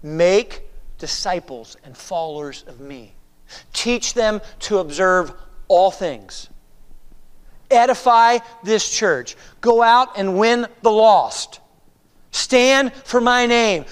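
A male pastor delivers a sermon in a high, expressive voice whose pitch leaps and falls. He shifts between quiet, confiding asides and drawn-out, emphatic exhortations, and his voice rings with the long reverb of a church sanctuary. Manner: preaching with dramatic swings from hushed to emphatic.

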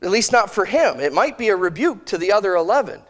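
A man preaching a sermon in a conversational way, thinking aloud with restarts and slowing to give quoted scripture weight. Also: sits high, sing-song, long reverb tail. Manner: slow, emphatic phrasing of quoted scripture.

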